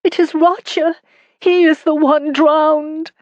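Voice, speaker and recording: A woman voicing a tearful but defiant young noblewoman who speaks in high, sobbing pleas. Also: level tone, takes it slowly, dry recording, dull audio.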